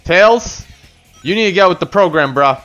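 A man's voice: high voice, animated, normal speed, fairly bright tone, lo-fi sound, soft background music. A young man giving loose, profane, slangy commentary as the host of a gaming channel. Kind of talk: casual gameplay commentary.

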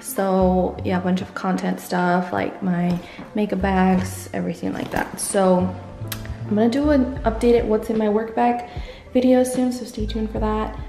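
A woman's voice: medium pitch, level tone, measured pace, warm tone, faint music behind. A young woman vlogging as a real estate agent, talking casually to the camera with lots of "um" and "like" while she sets up in an empty new house. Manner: chatty, many fillers like "um" and "like". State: a little out of breath. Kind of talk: casual vlog talk to camera. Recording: roomy echo in an empty house.

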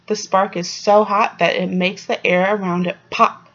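A woman's voice: medium pitch, level tone, moderate pace, a bit bright. A woman voicing a matter-of-fact, know-it-all young male beaver in a storybook read-aloud, in a dull lo-fi recording.

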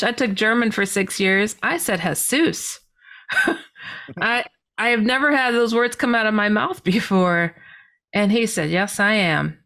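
A middle-aged woman guesting on a podcast tells a personal story with animated delivery, acting out her past lines with big pitch jumps and laughter. Her voice is gravelly.

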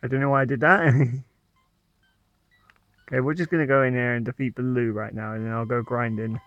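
A man's voice: mid-range voice, steady tone, normal speed, fairly bright tone, no room sound. Man, playful game commentary, chatty, dry lo-fi recording. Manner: playful, chatty, laughs at own jokes. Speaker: let's play gamer. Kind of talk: casual gameplay commentary. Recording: dull lo-fi sound.

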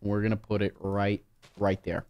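A man's voice: lowish voice, moderate pace, clear, resonant tone. A man hosting a let's play, narrating his moves with jokey asides and breaking into sudden gasps and shrieks. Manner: excitable, bursts into loud shrieks and gasps. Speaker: gaming channel host.

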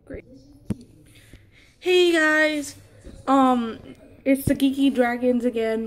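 A woman's voice: sits high, takes it slowly, pauses often, slight background noise. A young woman filming a crafting vlog, flustered and laughing at her own slip-ups. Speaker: crafting vlogger. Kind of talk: casual blooper vlog.

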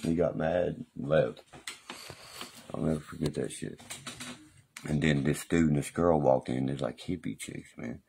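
A man's voice: extremely low pitch, a little slow, gravelly, pauses often, warm tone, slight background noise. A man rambling profanely and boastfully through stories on a live stream. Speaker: livestreamer.

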